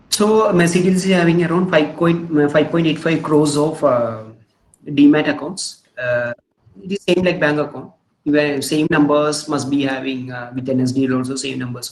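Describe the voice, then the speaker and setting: A man with an Indian English accent gives a webinar lecture over a video call. He talks haltingly, with many fillers and frequent "hmm?" check-ins to listeners. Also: a little high, steady tone, roomy sound, poor audio. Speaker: webinar presenter on investing. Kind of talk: online lecture with slides.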